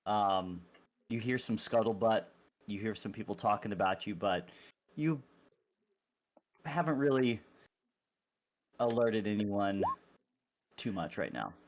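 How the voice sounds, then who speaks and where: A man narrating a tabletop game as game master, talking fast with frequent restarts. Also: lowish voice, a little hiss or hum. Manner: quick, halting narration with restarts.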